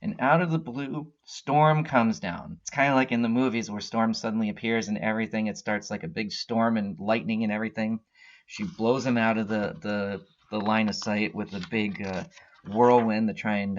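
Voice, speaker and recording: Rambling low-voiced man recapping comics. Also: fairly even intonation, moderate pace. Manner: rambling, filler-heavy retelling. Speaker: comic book podcast host. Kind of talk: casual storyline recap. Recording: dull lo-fi recording.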